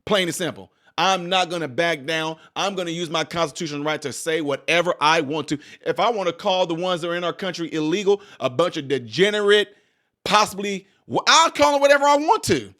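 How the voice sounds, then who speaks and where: A man with a fairly high voice and a drawl, reacting to a news clip. He rants loudly, mocks, then drops into low mutters. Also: expressive, a little fast. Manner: loud, ranting, mocking, shifting from shouts to low mutters. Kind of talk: heated reaction commentary.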